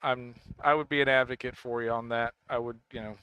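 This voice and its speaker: A man's voice: medium pitch, fairly even intonation, brisk, pushed and bright, clean tone, dry recording. A man chatting casually on a game livestream, rambling and stammering, correcting himself often and laughing easily. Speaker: gaming streamer.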